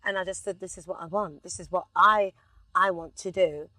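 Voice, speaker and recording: Animated London woman in a car. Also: lowish voice, normal speed, dry recording. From England. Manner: animated storyteller, sings snippets. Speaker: singer, interview guest. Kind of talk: relaxed casual chat. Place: inside a car.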